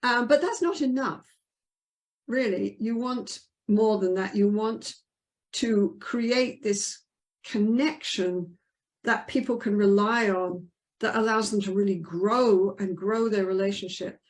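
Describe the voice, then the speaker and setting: A woman's voice: mid-range voice, slow. An older woman, a couples therapist, answering interview questions in an earnest, emphatic way and acting out the voices she quotes.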